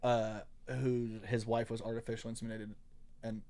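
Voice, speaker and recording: A man's voice: mid-range voice, level tone, moderate pace, warm tone. A man hosting a podcast in casual chat, loose and profane, laughing often and slipping into joke voices. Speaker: podcast host.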